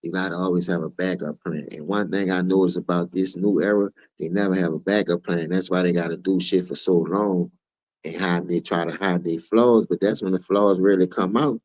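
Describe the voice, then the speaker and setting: A man's voice: low voice, steady tone, brisk, a little mellow, no room sound, rough recording. A man from New Orleans with a New Orleans accent, hosting his own stream and ranting in heated, profane, preachy commentary. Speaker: streamer host.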